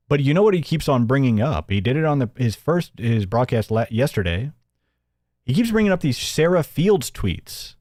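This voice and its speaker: A man's voice: mid-range voice, sing-song, moderate pace, darkish tone, no echo, studio quality. A man hosting a livestream, rambling and mocking as he comments and thanks viewers, often chuckling. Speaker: host.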